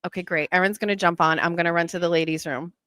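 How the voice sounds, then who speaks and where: A woman's voice: fairly low pitch, fairly even intonation, quick pace, pushed and bright, no echo. Woman host just chatting away on a livestream, teasing, dry close sound. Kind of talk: casual livestream chat.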